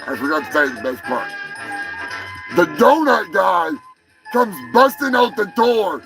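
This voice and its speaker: Brief: loud, crude male storyteller host, high and gravelly, over background music. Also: big pitch swings, measured pace, pauses often, poor audio. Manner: profane, rambling, bursts into shouting. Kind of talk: live show, rambling anecdotes.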